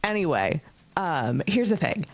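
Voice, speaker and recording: A blunt, self-deprecating woman talks as a podcast guest. Her pitch moves around a lot, giving her speech an animated lilt. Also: a little slow. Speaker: podcast guest, actual play performer. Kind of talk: casual podcast chat.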